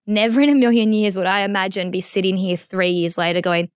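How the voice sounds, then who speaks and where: A woman's voice: mid-range voice, steady tone, a little fast, clear, resonant tone, no echo, studio quality. A woman, a guest in an interview, speaking candidly and with feeling, full of restarts and fillers. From Australia. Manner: candid and emotional, many restarts and "like"s. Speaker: podcast guest. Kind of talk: conversational interview.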